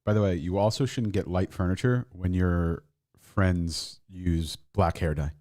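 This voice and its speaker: A man's voice: deep voice, steady tone, unhurried, darkish tone. A man who is a regular on a casual podcast, cutting in with goofy, playful remarks.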